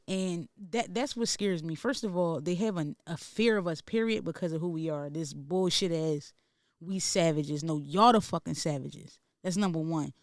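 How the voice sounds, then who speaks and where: A man's voice: on the high side, normal speed, no echo, clean studio sound. A man co-hosting a podcast in casual chat, talking in a heated, profane, emphatic way. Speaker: podcast co-host.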